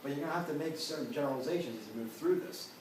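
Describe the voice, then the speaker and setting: A man's voice: a little high, rapid-fire, darkish tone. A man teaching an ethics class, talking casually with personal stories and lots of "you know" and "right?". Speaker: ethics instructor. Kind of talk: classroom lecture with personal anecdotes. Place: lecture room. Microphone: distant room mic. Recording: very echoey room, voice far from mic, faint hiss.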